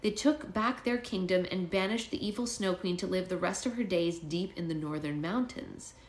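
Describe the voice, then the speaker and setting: A young boy character telling a chilling old legend in a storybook read-along, read by a woman. The voice sits a little low and stays near the reader's plain speech, calm and even as it recounts the tale. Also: normal speed, echoey room, lightly acted. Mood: storytelling.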